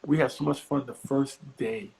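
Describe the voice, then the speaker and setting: A middle-aged man from the US East Coast, a comedian guest telling profane stories with animated, high-pitched acted quotes. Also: normal speed, vocal fry, a little hiss or hum, low-quality recording. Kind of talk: animated storytelling.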